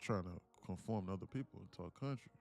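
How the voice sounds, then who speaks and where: A man hosting a day trading livestream, talking in loose, joking, slang-heavy banter with quick restarts. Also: sits low, gravelly, a little mellow. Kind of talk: casual livestream chat.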